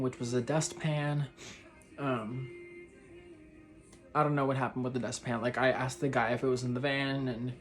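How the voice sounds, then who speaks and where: A young man from Texas talks straight to the camera in a loose, rambling way, full of "like" and "you know". His pitch sits in the middle range for a man. Soft music plays faintly under his voice. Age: young adult. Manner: rambling, animated, heartfelt, filled with "like" and "you know". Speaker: vlogger. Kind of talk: personal storytelling vlog.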